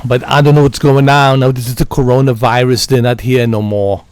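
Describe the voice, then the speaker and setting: A man's voice: mid-range voice, flat delivery, fairly quick, a little mellow. A man chatting casually with friends, rambling, repeating words and laughing often. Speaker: gamer.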